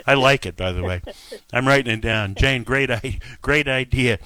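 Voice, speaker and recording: A man hosting a call-in radio show, brisk and jokey as he chats with callers. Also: medium pitch, pushed and bright. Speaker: radio talk show host.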